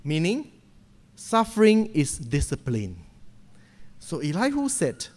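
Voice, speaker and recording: Brief: male preacher, high pitch, swooping delivery, pulpit sermon. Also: a little slow, pauses often. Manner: animated retelling with frequent "okay?" checks. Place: church pulpit.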